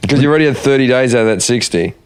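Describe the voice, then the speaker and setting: A man's voice: medium pitch, expressive, racing, clear, resonant tone. A man with an Australian accent, co-hosting a podcast with blunt, teasing questions and crude casual banter. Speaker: podcast co-host.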